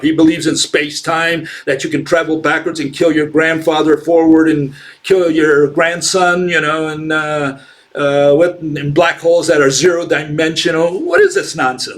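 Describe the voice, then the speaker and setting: A man giving unscripted commentary as a channel host, scornful and argumentative, firing rhetorical questions with frequent fillers and restarts. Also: fairly high pitch.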